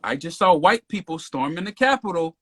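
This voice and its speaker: Animated man telling a story. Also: fairly high pitch, fairly quick, husky. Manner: animated, rising to near shouting when retelling the stop. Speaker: podcast guest. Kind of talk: casual storytelling interview.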